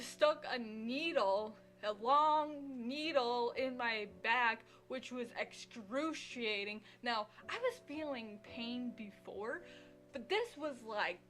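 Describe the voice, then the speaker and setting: A woman with a slightly high voice tells a personal story to her viewers. She rambles and sighs, with plenty of "like" fillers. Soft music plays faintly underneath. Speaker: vlogger.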